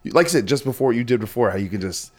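A man's voice: mid-range voice, lively intonation, fast talker. Rambling man host, mid-range voice. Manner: rambling, full of restarts and hyperbole. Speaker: podcast host. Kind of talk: casual interview chat.

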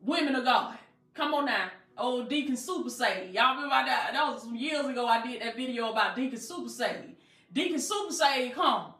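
A woman's voice: a little high, animated, brisk, fairly bright tone, echoey room, soft background music. A woman coach preaching motivationally, emphatic and colloquial, with call-and-response phrasing. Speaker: life coach.

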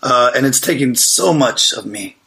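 A man's voice: mid-range voice, lively intonation, gravelly, pushed and bright. A man in his thirties co-hosting a podcast, joking and rambling through casual chat. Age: 30s. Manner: joking, rambling, fast-talking. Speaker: podcast co-host.

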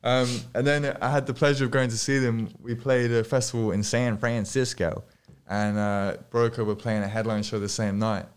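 A man's voice: mid-range voice, fairly even intonation, normal speed, clean tone. A man from the UK, a guest DJ, rambling through casual podcast stories with loose swearing and frequent laughter in a studio. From United Kingdom.

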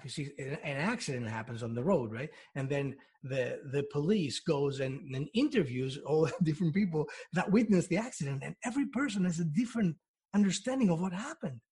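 A man's voice: a little high, brisk, a little mellow, breathy edge. A man who works as a hypnotherapist, explaining ideas in an interview through everyday examples, with frequent restarts.

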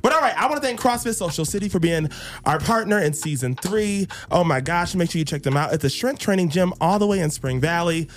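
Lively man hosting a podcast. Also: high voice, fairly quick. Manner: animated, laughing, sings phrases. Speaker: podcast host. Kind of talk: casual podcast chat.

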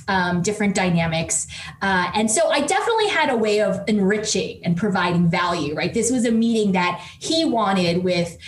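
A woman researcher telling a lively story as an interview guest, with plenty of "like"s and restarts. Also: medium pitch, roomy sound, a little hiss or hum. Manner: lively anecdote full of "like" and restarts. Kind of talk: storytelling in conversation.

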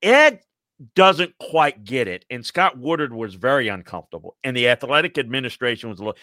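A man in casual sports talk, rambling and animated with many restarts. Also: mid-range voice, brisk, no echo, studio quality. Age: older. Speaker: sports commentator.

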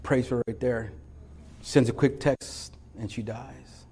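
A man preaching a sermon as pastor, swinging between loud, emphatic calls and hushed storytelling, often repeating and restarting phrases. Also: medium pitch, steady tone, a little slow, gravelly, breathy edge.

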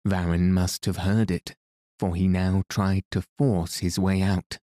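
A man narrating a classic adventure story in a measured, even way. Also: low-pitched, dry recording, studio quality. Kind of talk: audiobook narration.

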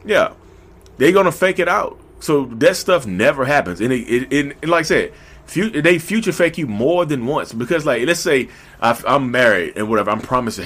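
A man's voice: medium pitch, normal speed. Southern man in a casual monologue. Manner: animated, repetitive, talks to listeners directly. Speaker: podcast host.

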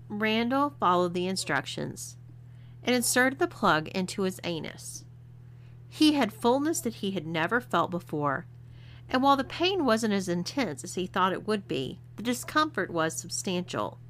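A woman's voice: medium pitch, sing-song, moderate pace, fairly bright tone. A woman reading an adult story aloud as narrator. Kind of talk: audiobook reading.

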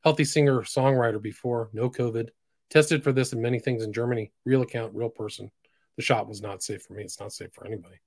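A man of middle pitch hosts a solo podcast, reading posts aloud in a mostly flat delivery. He breaks into sudden loud, emphatic bursts. The sound is dry and close, with no room around it. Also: fast, gravelly, no echo. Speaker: podcast host.

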